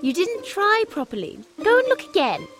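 A man's voice: very high voice, wildly swooping pitch, normal speed, music in the background, voice pushed up, full character voice. A man voicing a peevish, snobbish young lady who whines and sneers in a storybook reading. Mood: annoyed. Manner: whiny and disdainful.

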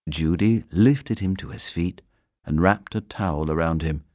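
A man reading a children's story aloud as narrator, gentle and expressive. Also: sits low, a little slow, no room sound, studio quality.

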